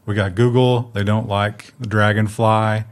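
A man's voice: lowish voice, flat delivery, measured pace, slight background noise. A man co-hosting a casual tech news chat, joking and ironic, slipping into mocking voices. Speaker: co-host.

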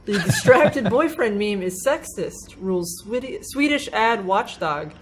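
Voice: mid-range voice, lively intonation, a little slow, a crowd in the background, poor audio. Chatty giggly podcast co-host. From United States. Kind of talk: casual news chat.

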